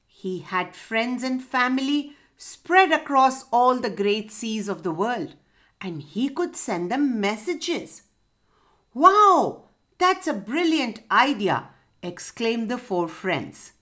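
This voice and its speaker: A woman hosting a children's story podcast, narrating with a gentle, expressive read-aloud delivery. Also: on the high side.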